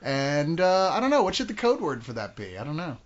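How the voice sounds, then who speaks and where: A man's voice: fairly high pitch, huge pitch swings, fairly quick, slight background noise. A man hosting a podcast, chatting casually and joking around with some swearing. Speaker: podcast host. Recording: dull lo-fi podcast audio.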